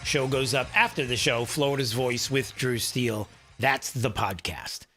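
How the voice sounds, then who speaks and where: A man's voice: medium pitch, unhurried, a bit bright, faint music behind. Chatty male talk radio host. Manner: chatty, rambling, lots of fillers and asides to his producer. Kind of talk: casual talk radio monologue. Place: radio studio.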